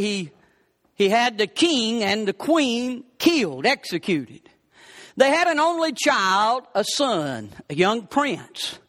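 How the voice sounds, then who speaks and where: A man preaching a sermon as pastor, emphatic, repeating words for stress and rising to shouts. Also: very high voice.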